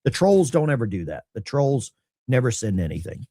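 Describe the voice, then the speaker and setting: A man's voice: medium pitch, big pitch swings, normal speed, warm tone, a little hiss or hum. A middle-aged man, a veteran, hosting a casual livestream and reading viewer mail in a blunt, salty, self-mocking way.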